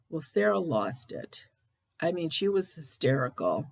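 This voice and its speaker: Slow-talking woman recounting a story. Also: low-pitched, very animated, vocal fry, a little mellow, poor audio. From Cleveland, Ohio. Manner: recounts dialogue, quoting others plainly. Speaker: medium telling a story. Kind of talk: casual spoken storytelling.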